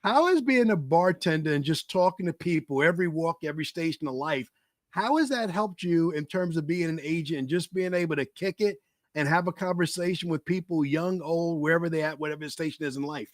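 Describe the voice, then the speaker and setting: An energetic male podcast host with a high voice and a hyped, emphatic delivery, repeating phrases for effect. His voice sounds dry and close, with no room around it, as he welcomes his audience and interviews a guest. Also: brisk, no echo. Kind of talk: live podcast hosting and interviewing.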